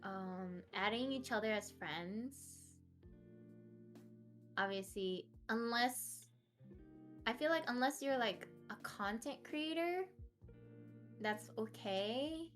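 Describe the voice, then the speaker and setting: A woman's voice: fairly high pitch, takes it slowly, long pauses, a bit bright, soft background music. A young woman streamer chatting casually as a podcast guest, laughing often. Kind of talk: casual interview chat.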